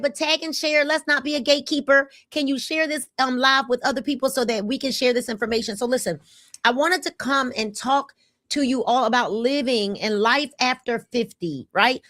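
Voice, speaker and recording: Brief: woman, fifties, livestream host, slightly high voice, energetic and repetitive. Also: no echo, studio quality. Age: 50s. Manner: energetic, repetitive calls to comment. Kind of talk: casual livestream talk to viewers.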